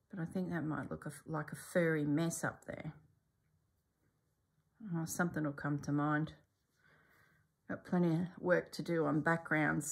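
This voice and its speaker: Middle-aged woman, embroidery tutor; slow, gravelly, quietly musing delivery with frequent soft whispers. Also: low voice. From Australia. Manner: calm, musing, often slipping into a soft whisper. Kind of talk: stitch-along craft tutorial.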